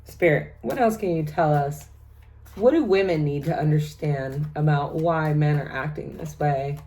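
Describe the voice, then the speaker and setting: A chatty middle-aged woman talks through a tarot spread for her viewers. Her voice sits low, and she rattles off each card's meanings in long lists, breaking into laughs between them. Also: unhurried, dark tone. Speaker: tarot reader. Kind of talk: casual tarot reading vlog.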